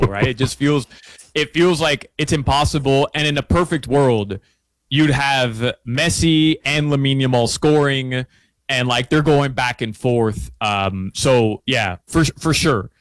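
A man chatting casually as a sports analyst guest, excitable, with lots of stammered restarts and fillers. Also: mid-range voice, no echo. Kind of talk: casual sports betting chat.

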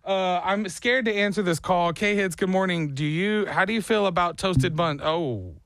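A man's voice: sits high, normal speed, dry recording. A man hosting a morning radio show, telling stories with playful mock outrage. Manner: animated, exaggerated storytelling with mock outrage. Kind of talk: casual morning radio banter. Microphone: studio microphone.

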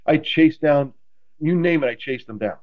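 A man, a guest in a casual interview, telling stories in an animated, self-deprecating way with many restarts. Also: fairly high pitch, moderate pace, dull audio. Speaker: guest, former quarterback.

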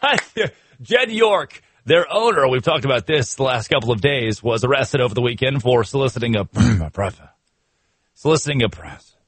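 A man's voice: mid-range voice, lively intonation, normal speed, slightly rough, no echo. A man hosting a sports radio show, riffing in comic talk with laughter and mock outrage.

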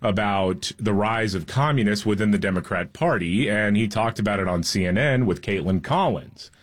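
Low-voiced, emphatic male co-host. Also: moderate pace. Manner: animated, emphatic, mocking. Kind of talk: opinionated political talk show commentary.

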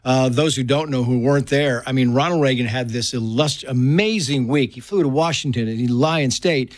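A man's voice: medium pitch, normal speed, no room sound, studio quality. A middle-aged man, an author guest on a talk show, telling stories with animation and acting out the quotes. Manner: animated storyteller, acts out quotes. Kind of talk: studio interview storytelling.

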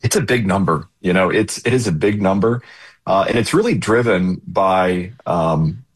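Low husky-voiced man, halting guest. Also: expressive. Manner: hesitant, many fillers and restarts. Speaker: radio show guest, former airline pilot. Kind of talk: interview on a radio show.

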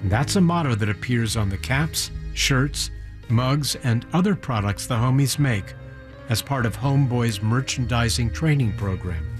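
Man, interview host, measured narration, earnest, faint music behind. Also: medium pitch, animated. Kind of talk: interview questions and scripted narration.

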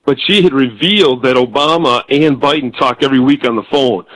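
A man's voice: mid-range voice, brisk, a bit bright, dry recording, rough recording. A man from Michigan calling into a radio talk show, rambling in long run-on stretches full of fillers. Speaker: caller.

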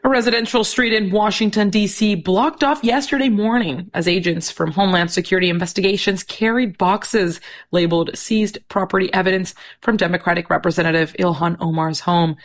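A woman reading a radio newscast in a crisp, measured delivery. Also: medium pitch, fairly even intonation. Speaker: news anchor.

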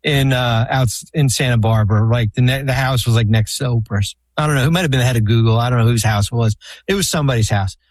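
A man of middle pitch spins long, meandering stories in casual chat, circling back and restarting as he goes. The sound is close and dry, with no room around it. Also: fast, dry recording. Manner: rambling anecdotes full of restarts and fillers. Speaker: podcast guest, former basketball team executive.

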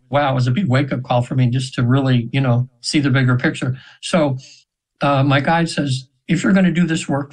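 A man's voice: medium pitch, a little mellow, poor audio. A man in his seventies, a radio guest, telling a spiritual story in a rambling, earnest way, often restarting and retelling what others said. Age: 70s. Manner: rambling and earnest, with frequent restarts and retold quotes. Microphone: radio interview mic.

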